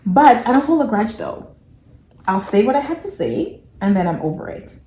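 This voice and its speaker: A woman in her thirties co-hosting a casual couple Q&A, blunt and quick to laugh. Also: a little high. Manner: lively, blunt, laughs often. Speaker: co-host of couple channel. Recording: echoey room with faint hum.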